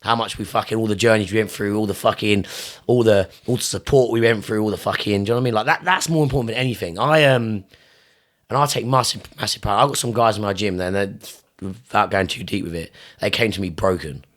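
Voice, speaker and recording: A man's voice: on the low side, quick pace, a bit bright. A young man, a gym owner and Muay Thai coach, talking in a casual podcast interview. He speaks with intense emphasis, swears constantly, repeats his phrases, and his voice jumps up sharply when he gets fired up.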